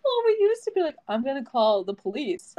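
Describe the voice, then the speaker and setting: A woman's voice: high-pitched, big pitch swings, fairly quick, mellow, dull audio. A young woman co-hosting a casual chat, laughing often and acting out stories with dramatic voices. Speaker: podcast co-host.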